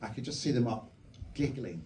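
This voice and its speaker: A director reminisces calmly in front of a cinema audience. His voice is dark and mellow. It is picked up from well back in the hall, so it sounds distant and roomy, with a faint hiss. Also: medium pitch. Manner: relaxed reminiscing, measured. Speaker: film director. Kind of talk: onstage conversation. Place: cinema auditorium before a live audience. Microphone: stage mic recorded from the audience. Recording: distant, echoey hall recording with faint noise.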